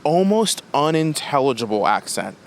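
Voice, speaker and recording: Lively man with a bouncy voice. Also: fairly high pitch, normal speed. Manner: lively, laughing, expressive. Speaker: podcast guest and co-reviewer. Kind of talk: casual film review chat.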